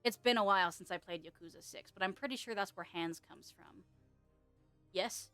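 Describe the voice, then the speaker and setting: A woman's voice: mid-range voice, normal speed, a bit bright, dry recording, soft background music. A young woman chatting casually on a live stream, rambling, giggling often and swearing offhand.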